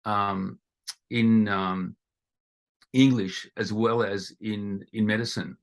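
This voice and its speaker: This is an Australian man in his fifties, speaking as an interview guest. His voice sits fairly low. He talks in a loose, rambling way, circling back and restarting his sentences. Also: steady tone, takes it slowly, vocal fry. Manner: rambling, with frequent restarts and fillers. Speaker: guest, ESL teacher. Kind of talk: conversational interview.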